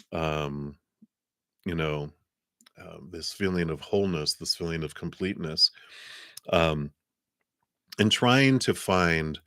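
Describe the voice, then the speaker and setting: Low-voiced man giving a tarot reading. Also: no room sound, studio quality. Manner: soft-spoken, meandering, many fillers and sighs. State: talking around a cough drop. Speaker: tarot reader. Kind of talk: live-stream tarot reading.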